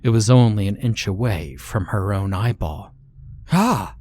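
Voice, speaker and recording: A man reading a horror story aloud in slow, measured scripted narration. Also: on the low side, dark tone, slight background noise.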